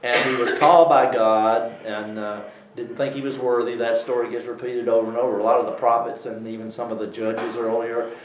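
A man's voice: mid-range voice, flat delivery, fairly quick, reverberant, noisy background. Southern man teaching a Bible lesson. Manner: conversational, with many fillers and throat clearing.

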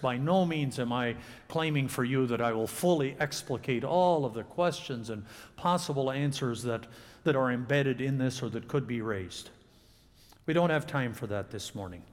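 A man preaching a sermon to a congregation, with dramatic pauses and expressive delivery. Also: mid-range voice, big-room sound. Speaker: pastor. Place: church sanctuary.

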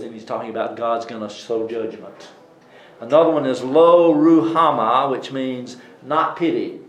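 A man with a Southern US accent giving an informal Bible lesson, chatty, with many fillers and some throat clearing. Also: mid-range voice, reverberant, low-quality recording. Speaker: Bible teacher.

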